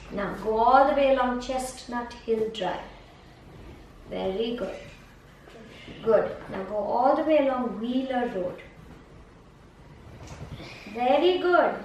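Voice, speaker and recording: Patient high-voiced woman teacher, echoey room. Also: darkish tone. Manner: patient, coaxing, repeats prompts and praise. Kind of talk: one-on-one map-reading lesson. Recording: echoey room from far off, faint noise.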